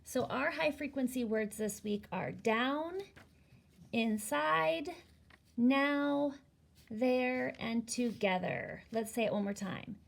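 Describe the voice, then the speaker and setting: A woman teaching a phonics lesson to young children, slowly and patiently spelling words out letter by letter. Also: on the high side, creaky, slight background noise.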